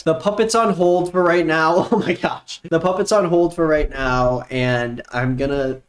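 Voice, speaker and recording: A man's voice: fairly high pitch, unhurried, few pauses. Anxious self-mocking young man vlogging. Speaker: YouTuber. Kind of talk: casual vlog.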